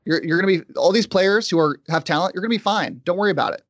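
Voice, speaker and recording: A man's voice: high-pitched, animated, no room sound. A man hosting a sports podcast, chatting casually and interviewing a guest. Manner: conversational, quick asides. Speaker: podcast host.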